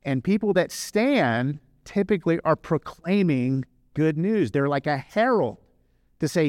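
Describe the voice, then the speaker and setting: Animated man preaching a sermon. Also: a little high, no echo, clean studio sound. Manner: animated, emphatic, swings between fast and slow drawn-out phrases. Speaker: pastor.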